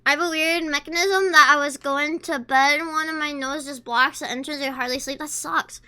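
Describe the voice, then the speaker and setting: A woman's voice: sits high, steady tone, normal speed, bright, forceful tone. A woman streamer chatting casually with her chat, reading messages aloud and talking while she eats. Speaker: livestreamer.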